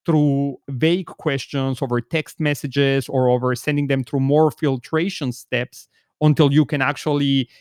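A man's voice: medium pitch, steady tone, measured pace, a little mellow, clean tone, dry recording, studio quality. A man hosting a conversational interview, making his points step by step and thinking them through.

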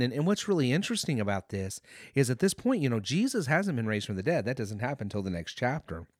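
A man's voice: mid-range voice, no echo, clean studio sound. A man hosting a devotional podcast, talking earnestly through a Bible passage with fillers and restarts. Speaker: podcast host.

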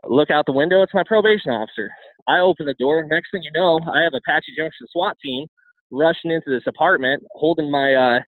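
A man candidly telling his own life story as an interview guest, talking rapidly with frequent restarts and repeated words. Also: on the high side, dry recording. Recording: tinny phone-like sound, dry.

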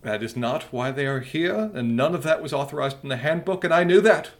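Male co-host, casual chat, raised pitch, quick jokes, frequent stammered restarts. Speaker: podcast co-host.

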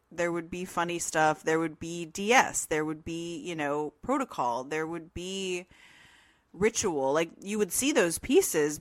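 A woman's voice: lowish voice, dry recording. A woman co-hosting a podcast in casual, rambling talk full of fillers and laughs. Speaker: podcast co-host. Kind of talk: casual discussion. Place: room at home with open windows.

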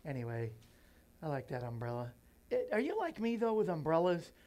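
A man's voice: fairly high pitch, huge pitch swings, a little fast, dark tone. A man hosting a morning show from a small bookstore studio, chatting casually and rambling to viewers. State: out of breath. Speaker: host.

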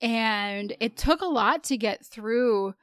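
Chatty, higher-voiced woman host, dry sound. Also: slow pace, smooth, no echo. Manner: chatty, self-deprecating, animated. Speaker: podcast host. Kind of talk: casual podcast chat.

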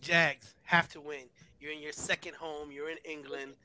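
A male panelist giving emphatic, quick sports opinions. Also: a little high, flat delivery, sharp tone, slight background noise, poor audio. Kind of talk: casual sports chat.

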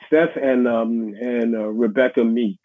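A middle-aged man with a New York accent, a musician being interviewed, speaking in a halting, reflective way with many restarts. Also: mid-range voice, steady tone. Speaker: guest musician. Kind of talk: casual interview conversation. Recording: husky voice over a tinny phone line.

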